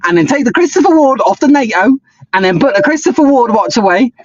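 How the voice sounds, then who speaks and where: Man doing a crude bloke, very high voice, swooping pitch, foul-mouthed, repetitive rants, lo-fi sound. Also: big pitch swings, fast talker, heavily acted. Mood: crude bragging. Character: crude, foul-mouthed male bloke who brags about watches. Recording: dull lo-fi sound.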